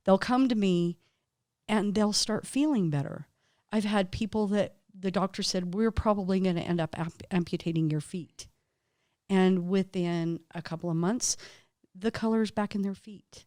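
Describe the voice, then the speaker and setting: A woman's voice: medium pitch, moderate pace, darkish tone, no echo, clean studio sound. A woman acupuncturist, a guest in an interview, telling stories in a heartfelt, emotional way. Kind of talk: casual interview conversation.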